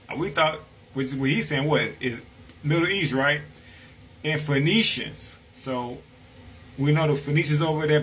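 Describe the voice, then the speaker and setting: A man's voice: a little high, bright, forceful tone, a little hiss or hum, low-quality recording. A man reading passages from an old book and explaining them in a casual, conversational way, often checking in with "right?". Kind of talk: casual explanatory talk with read-aloud quotes.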